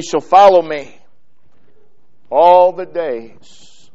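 Man, preacher, sermon, high voice, slow deliberate delivery, emphatic repetition. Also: expressive. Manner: slow, emphatic preaching that builds in lists and trails off softly.

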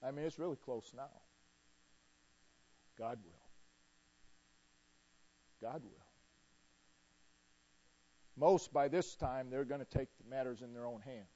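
A man preaching a sermon emphatically, swinging between loud declarations and hushed repeated refrains. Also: mid-range voice, slow pace, pauses often, lo-fi sound.

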